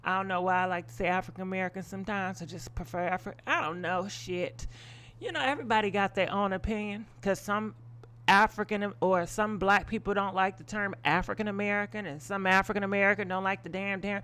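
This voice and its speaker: A woman's voice: medium pitch, fairly quick, bright, forceful tone. A woman hosting a live gossip stream, giving blunt, opinionated commentary full of swearing and rambling asides. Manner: rambling with frequent ums and asides. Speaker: gossip show host.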